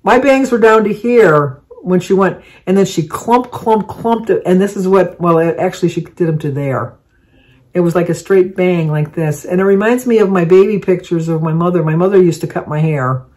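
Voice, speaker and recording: A woman's voice: on the low side, normal speed, a little mellow. Rambling older woman. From Michigan. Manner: rambling, chatty, meandering with many asides. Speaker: vlogger. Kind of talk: casual chat to camera.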